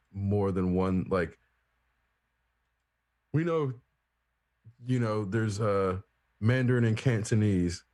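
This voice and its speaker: Deep-voiced man musing in casual talk. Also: darkish tone, no room sound. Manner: thoughtful, hesitant, many fillers and restarts. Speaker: podcast co-host. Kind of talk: casual discussion.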